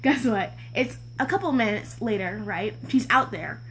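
A young woman with a mid-range voice casually tells a family story at a moderate pace, acting out everyone's lines and laughing as she goes. There's a little hiss or hum in the background.

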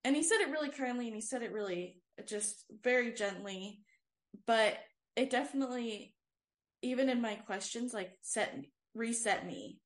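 A young woman with a fairly high voice speaks at a normal speed as she co-hosts a casual faith podcast. As a worship leader sharing her personal testimony, she tells it earnestly and loosely, with "um" and lots of "like" throughout.

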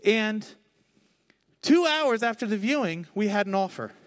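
A man preaching a conversational sermon from the stage, telling his own story candidly with lively, expressive delivery. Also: high-pitched, unhurried. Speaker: pastor. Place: on stage before a congregation.

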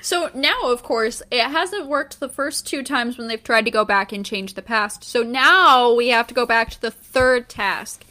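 A woman co-hosting a casual book podcast, animatedly retelling scenes and slipping into quick character voices. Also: a little high, pushed and bright. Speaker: podcast co-host.

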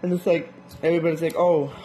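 A man casually reviewing an anime episode in loose, slangy talk, with lots of restarts and animated reactions. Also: mid-range voice, moderate pace, faint music behind.

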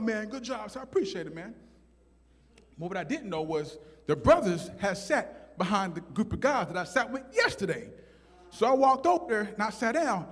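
A man tells a stand-up comedy story, acting out every voice. His high voice swings widely, with a husky edge. The sound carries a long hall reverb. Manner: animated, acts out voices.

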